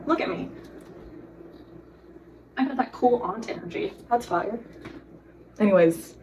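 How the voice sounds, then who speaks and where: A woman's voice: mid-range voice, measured pace, pauses often, dark tone. Teenage girl, baking vlogger, earnest, giggly, distant mic, faint background noise. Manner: earnest and giggly, talks to the viewer directly. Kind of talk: casual baking vlog with advice.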